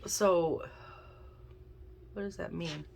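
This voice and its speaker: A woman's voice: fairly low pitch, extremely slow, vocal fry, a little mellow, a little hiss or hum. A woman giving a casual tarot and oracle card reading, chatting and thinking aloud as she draws cards. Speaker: intuitive card reader.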